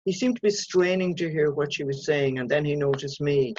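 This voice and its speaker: A woman, an author reading her own short story aloud in a measured, even way. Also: deep voice, no room sound, highs cut off.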